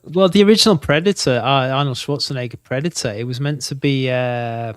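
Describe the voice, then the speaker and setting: A man co-hosting a casual discussion podcast, eager and excitable, quick to laugh, over a remote call. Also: mid-range voice, clear, resonant tone, no room sound, clean studio sound. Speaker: podcast co-host. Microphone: remote video call.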